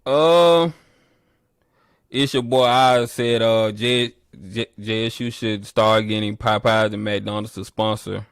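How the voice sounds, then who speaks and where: A man hosting a casual livestream, reading the chat and trash-talking rival teams playfully, with loud animated bursts. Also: on the low side, measured pace, hardly any pauses, smooth, dry recording.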